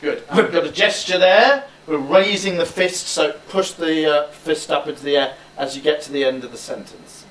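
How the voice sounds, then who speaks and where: A man's voice: a little high, moderate pace, few pauses, a bit bright. A male drama teacher coaching a student through a speech, encouraging him and demonstrating lines aloud. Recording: roomy, distant mic, faint background noise.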